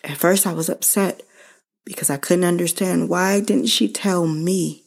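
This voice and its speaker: Woman, podcast host, low voice, earnest, tender, direct to listeners. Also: steady tone, measured pace, gravelly, breathy edge. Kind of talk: personal reflective monologue.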